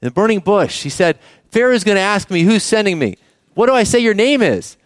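A middle-aged man preaching a sermon as pastor, conversational and animated, often asking the congregation questions. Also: sits high, fairly quick, dry recording, studio quality.

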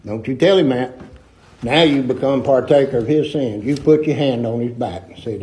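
A man's voice: medium pitch, animated, normal speed, warm tone, low-quality recording. A middle-aged man preaching a sermon in a folksy, emphatic way with rustic grammar.

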